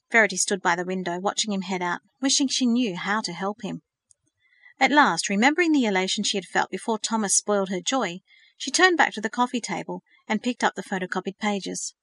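Brief: woman audiobook narrator, animated pitch, dry close-miked sound. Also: no echo. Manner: expressive storytelling. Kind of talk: scripted narration.

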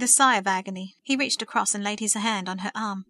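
A woman narrates a story in an earnest, steady manner. Her voice is bright, and the recording is close and dry with no room sound. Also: medium pitch, brisk, hardly any pauses, no echo. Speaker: audiobook narrator. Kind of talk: scripted narration.

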